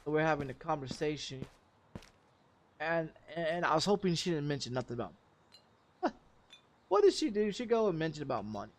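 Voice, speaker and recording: A man's voice: on the high side, sing-song, brisk, pauses often. A man from Texas, a game streamer, telling an angry story in profane, cursing casual talk.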